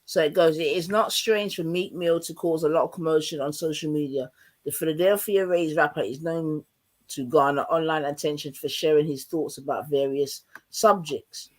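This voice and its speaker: A man's voice: on the high side, fairly even intonation, normal speed, poor audio. Casual man hosting a livestream. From London. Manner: loose, joking, reads aloud, slangy. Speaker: livestream host. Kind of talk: casual live chat.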